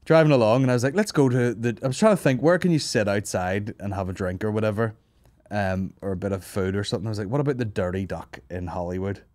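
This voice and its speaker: A man's voice: on the low side, quick pace, darkish tone, no echo. A Northern Irish man hosting a podcast, telling a rambling comic story, swearing a lot and laughing often, hungover and tired. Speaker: podcast host. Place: office.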